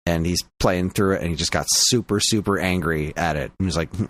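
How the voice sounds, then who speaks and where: A man's voice: low-pitched, fairly quick, fairly bright tone, dry recording. A man co-hosting a podcast in casual chat, rambling through an anecdote and laughing often. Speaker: podcast co-host.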